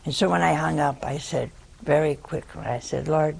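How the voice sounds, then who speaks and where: An older nun gives a talk, sharing a funny, folksy anecdote with an audience amid laughter. Her voice sits low with creak and a breathy edge, and her pace is moderate.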